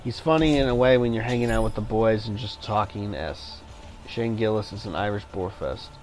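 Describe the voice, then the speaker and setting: A man's voice: on the low side, a little fast, a little mellow, soft background music. A man livestreaming a game, chatting casually and rambling between reactions to the play. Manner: rambling, many fillers and restarts, reacts to gameplay. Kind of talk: casual chat while gaming.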